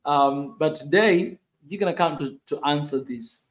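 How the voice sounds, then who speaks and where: A man hosting a casual livestream, excitable and repetitive, greeting viewers and teasing his guest. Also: fairly high pitch, normal speed, echoey room. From Africa. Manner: excitable, shouts out to viewers, repeats himself. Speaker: livestream host.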